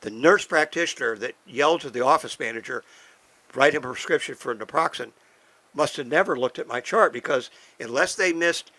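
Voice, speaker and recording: A man's voice: on the high side, sharp tone, no room sound, rough recording. An older man in a studio, telling a personal story in a folksy, wry way and acting out the conversations. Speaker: podcast co-host. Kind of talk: casual storytelling.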